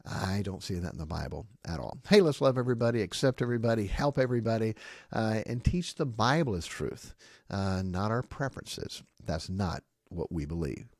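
A man's voice: fairly low pitch, moderate pace, no room sound, clean studio sound. A man, a pastor, hosting a podcast and talking emphatically, often checking in with "okay?" and acting out what others say. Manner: emphatic, often asks "okay?" and acts out quotes in lively voices. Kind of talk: podcast monologue.

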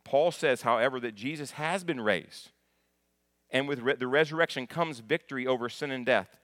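A man's voice: mid-range voice, normal speed, no echo, studio quality. Man, pastor, sermon, conversational teaching, questions to congregation, emphatic peaks. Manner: rises to loud emphatic peaks.

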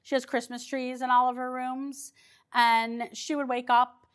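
A woman's voice: high voice, flat delivery, measured pace, fairly bright tone. A woman paranormal investigator telling her stories in a chatty, rambling way, with restarts and fillers. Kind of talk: casual storytelling.

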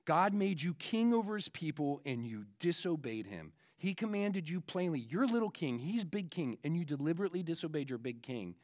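A man's voice: a little high, big pitch swings, normal speed, few pauses, a little mellow. A preacher voicing a stern prophet who bluntly scolds a king.

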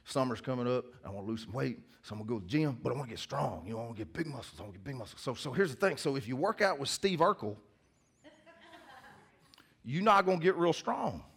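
A man's voice: mid-range voice, lively intonation, rapid-fire, vocal fry, few pauses, fairly bright tone, husky. A male pastor preaching a sermon in church, in a conversational, joking storytelling manner.

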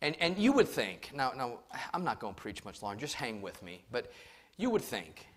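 A middle-aged male pastor preaching a sermon. He tells stories with emphasis, swinging from shouts down to hushed asides. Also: medium pitch, very animated, normal speed.

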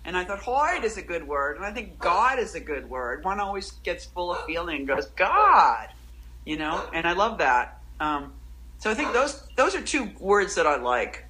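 Woman poet guest, bright tone, rambling and self-interrupting. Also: on the low side, big pitch swings, normal speed, slight background noise, rough recording. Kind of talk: casual interview chat.

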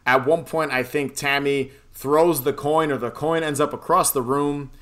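A man's voice: on the high side, steady tone, normal speed, fairly bright tone. A man casually recapping a film plot on a podcast, rambling, swearing and laughing often. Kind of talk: casual chat.

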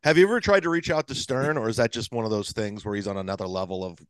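A man's voice: on the low side, rapid-fire, no echo. Dry-sounding laid-back male podcast host. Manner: laid-back, asks questions, laughs along. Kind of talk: casual podcast chat.

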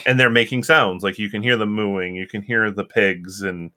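Low, bright-voiced game master, halting. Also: male voice, fairly even intonation. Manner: hesitant, many fillers and restarts. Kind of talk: narrating a tabletop game.

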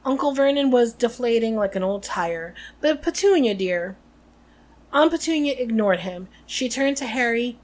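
A woman co-hosting a podcast, narrating a novel aloud in an expressive way and chatting about it. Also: on the high side, normal speed, few pauses. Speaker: podcast co-host.

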